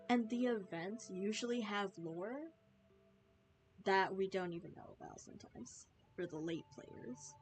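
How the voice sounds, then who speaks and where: A woman streaming a game, chatting and wondering aloud with little laughs as she plays. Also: mid-range voice. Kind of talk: live gameplay commentary.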